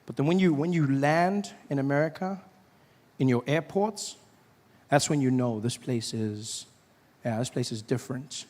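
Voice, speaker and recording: A man with a South African accent doing animated stand-up storytelling, acting out the people in it. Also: mid-range voice, normal speed. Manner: animated, playful, acts out characters. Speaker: stand-up comedian.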